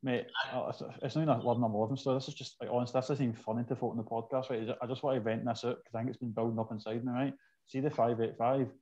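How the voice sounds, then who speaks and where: A Scottish man who rattles through his stories at a rapid clip, joking and swearing as he goes. His voice sits at an ordinary middle pitch. The recording sounds muffled and lo-fi. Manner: fast, animated banter, sweary. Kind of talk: casual podcast chat. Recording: dull, lo-fi sound.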